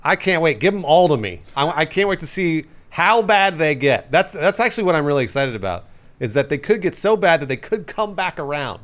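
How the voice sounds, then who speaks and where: A young man hosting a podcast, joking around in a relaxed way and restarting his sentences. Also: on the high side, fairly quick. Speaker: podcast host. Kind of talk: casual chat.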